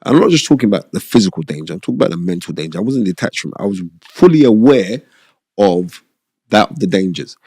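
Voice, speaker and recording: Middle-aged podcast guest, gravelly and low, animated and rambling. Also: male voice, fast, dry recording, clean studio sound. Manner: animated, streetwise, rambling, repeats himself. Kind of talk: casual storytelling interview. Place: podcast studio.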